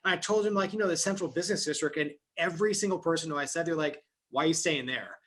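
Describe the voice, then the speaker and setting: A man's voice: on the high side, very fast. A man hosting an interview, talking in a laid-back way with rambling asides. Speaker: interview host. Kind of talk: casual interview conversation.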